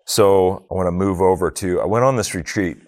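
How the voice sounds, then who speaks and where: A middle-aged man with a low, brisk, slightly mellow voice leads a prayer at a faith talk, then shares personal stories with humor and earnest reflection, acting out family dialogue. The recording is dry, with clean studio sound.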